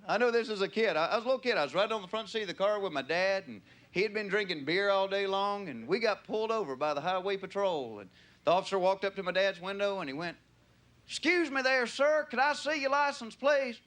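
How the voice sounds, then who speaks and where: A man's voice: high voice, quick pace, a bit bright. A man with a Southern US accent doing a stand-up routine, drawling through stories and slipping into voices. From Southern United States. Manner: drawling, storytelling, slips into character voices. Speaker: stand-up comedian. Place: comedy club stage. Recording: live club audio with crowd and noise. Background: laughing audience.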